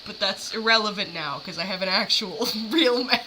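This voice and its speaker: A woman chatting casually as she reacts to clips, rambling and stacking fillers as she goes. Her voice sits at a middle pitch. The recording carries audible background noise. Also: normal speed. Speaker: streamer reacting to videos. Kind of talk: casual chat.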